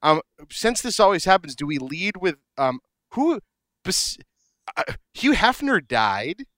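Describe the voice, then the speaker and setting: A man's voice: sits high, very animated, a little slow, a bit bright. A middle-aged man co-hosting a podcast in casual chat, cracking dad jokes and laughing at them. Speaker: podcast co-host.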